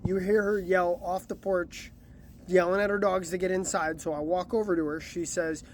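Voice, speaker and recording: A Chicago-area man with a high, level voice casually tells a story about delivering pizza at a normal speed, acting out what the people in it said. There's slight background noise.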